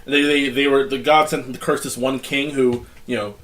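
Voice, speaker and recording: A man's voice: medium pitch, little pitch movement, normal speed, a bit bright. A young man co-hosting a podcast in casual chat, rambling and stumbling over his words as he explains. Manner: rambling, stammers and restarts when explaining. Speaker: podcast co-host.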